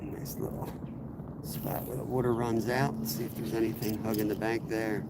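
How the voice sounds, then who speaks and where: Hoarse man with a cold, fishing from a kayak. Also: lowish voice, moderate pace, heavy background noise. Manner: rambling, relaxed, greets viewers by name. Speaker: fishing streamer. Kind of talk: casual live-stream chat while fishing. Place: outdoors in a kayak on a river.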